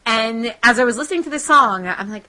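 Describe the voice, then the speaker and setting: A woman's voice: fairly high pitch, low-quality recording. A young woman co-hosting a podcast, chatting casually and animatedly, often acting out little scenes. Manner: chatty, animated, acts out scenes in quick bursts. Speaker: podcast co-host. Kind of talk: casual chat.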